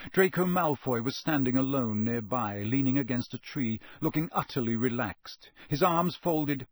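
Man, audiobook narrator, expressive, mid pitch, dry close recording. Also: no echo. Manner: steady, expressive storytelling. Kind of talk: scripted narration.

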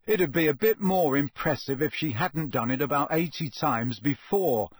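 A man's voice: on the high side, expressive, normal speed, no echo. A man reading a storybook aloud and voicing a wry teenage schoolboy in a dry manner.

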